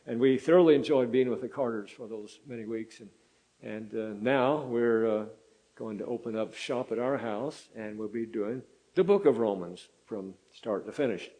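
An older man preaching a sermon in a folksy, halting way, with many fillers and restarts. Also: mid-range voice, mellow, poor audio. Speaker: pastor.

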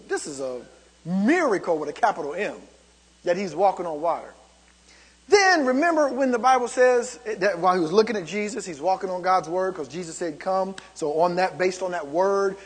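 A man preaching with a high, lively voice that swoops up and down as he presses his points. His tone is slightly husky, and his words carry a long reverb from a church sanctuary. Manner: emphatic preaching with many calls of "come on". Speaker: pastor. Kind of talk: sermon.

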